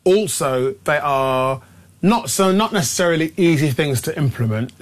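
Studio guest, male commentator, earnest rambling delivery, voice sits slightly high. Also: animated, moderate pace. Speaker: political commentator. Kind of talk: radio studio guest discussion.

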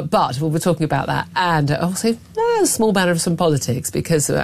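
A woman hosts talk radio with a brisk, sardonic, chatty manner. Her voice sits a touch low for a woman. She sounds a little worse for wear. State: a bit hungover. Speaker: radio talk show host. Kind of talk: opinionated casual talk radio. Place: radio studio.

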